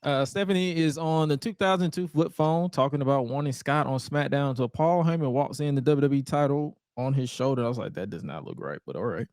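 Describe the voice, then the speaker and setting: A man with a fairly high voice recaps wrestling on a podcast. His storytelling is animated, and he keeps slipping into put-on voices for the quotes. The sound is dry and close. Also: fairly quick, hardly any pauses, smooth, dry recording. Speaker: podcast co-host.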